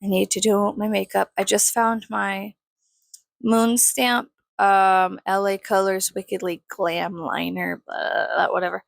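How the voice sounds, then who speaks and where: A worn-out young woman rambles through her dawn makeup routine, swearing freely and teasing herself. Her voice has a rough, gravelly fry. The sound is dry and close. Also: mid-range voice, level tone, takes it slowly, no room sound. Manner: tired, swears often, self-mocking. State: tired. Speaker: vlogger. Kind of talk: casual early-morning makeup vlog.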